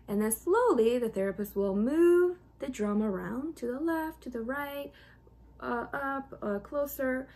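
Gravelly-voiced woman explaining therapy. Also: mid-range voice. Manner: chatty, frequent ums, sings short demo phrases. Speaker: music therapist. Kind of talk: casual educational explainer.

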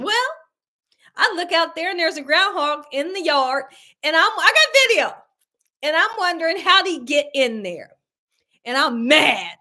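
Woman, livestream host, casual storytelling, high voice, very animated pitch. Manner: animated, exclamatory, addresses viewers as y'all. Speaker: cooking channel host.

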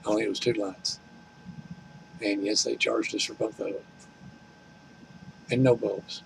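Older man with a gravelly voice, telling a folksy, complaining home-vlog story. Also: lowish voice, level tone, a little slow, a little hiss or hum, rough recording. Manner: folksy, complaining, retells conversations. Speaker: vlogger. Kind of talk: rambling storytelling.

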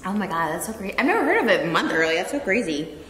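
A woman guest in a casual eating chat, gushing and excitable in her reactions. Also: mid-range voice, rapid-fire. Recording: echoey room with long reverb.

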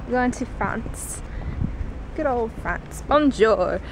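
A woman's voice: medium pitch, moderate pace, noisy background. A young woman chatting casually and playfully for her vlog, often giggling. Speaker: vlogger.

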